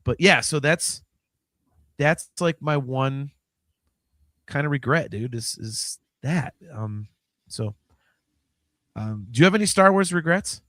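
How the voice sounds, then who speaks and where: Fifty-ish guy ranting on a podcast, swears a lot, goes quiet then loud, mid voice, dead dry sound. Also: mid-range voice, slow, pauses often, no room sound. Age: 50s. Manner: animated, swings from mumbling to loud outbursts; swears freely. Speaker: podcast host. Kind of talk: casual chat.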